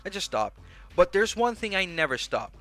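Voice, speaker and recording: Swedish-accented man, livestream host, bright tone, scattered rapid chatter over faint music. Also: high-pitched, big pitch swings. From Sweden. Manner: rambling, rapid-fire, jumps between thoughts. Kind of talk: casual livestream chat. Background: faint music track.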